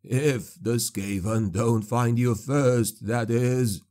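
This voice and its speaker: A man's voice: medium pitch, fairly even intonation, slow pace, dark tone, close to an everyday voice. A man voicing a spiteful, mocking captive sorcerer in an audiobook. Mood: sly. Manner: sly and taunting, shrieking when enraged.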